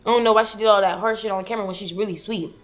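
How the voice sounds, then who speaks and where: A woman's voice: medium pitch, rapid-fire, faint music behind. Blunt, profane woman retelling a fight. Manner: blunt, profane, animated when quoting. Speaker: streamer recounting a dispute. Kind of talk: casual retelling with quoted dialogue.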